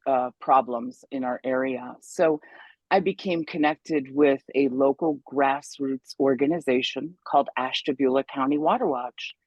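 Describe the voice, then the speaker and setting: A woman's voice: low-pitched, darkish tone, dry recording, lo-fi sound. A woman guest on an interview show, an environmental activist talking in a chatty, upbeat way with many fillers. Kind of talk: casual interview.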